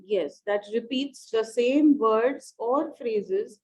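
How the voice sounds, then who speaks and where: A woman with an Indian English accent teaching an online English class, repeating each phrase slowly for students to underline. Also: on the high side, dark tone. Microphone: computer or headset mic on a video call. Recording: dull lo-fi online call audio.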